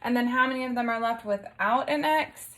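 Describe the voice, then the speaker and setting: A woman's voice: on the high side, fairly quick, a bit bright. A young woman teaching a lesson to young children, patiently sounding out letters and asking simple questions. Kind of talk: early-grade lesson video.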